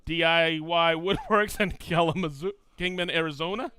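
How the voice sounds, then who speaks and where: A man's voice: fairly high pitch, normal speed, pushed and bright, clean tone, dry recording. A man hosting a live stream, reading out viewers' hometowns with upbeat enthusiasm and frequent laughs. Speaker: livestream host.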